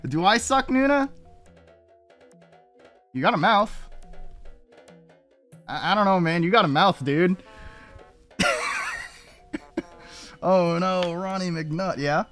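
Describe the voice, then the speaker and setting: Animated, bright-voiced young male streamer. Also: sits high, a little slow, long pauses, faint music behind. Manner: profane, rambling, reacting to chat. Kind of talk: casual live-stream chat.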